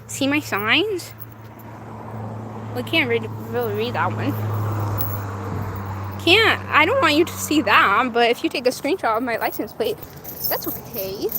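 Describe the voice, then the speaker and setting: A woman's voice: a little high, animated, normal speed, noisy background. A woman livestreaming from a phone in her car, casually reading viewer comments aloud and chatting back. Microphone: phone camera.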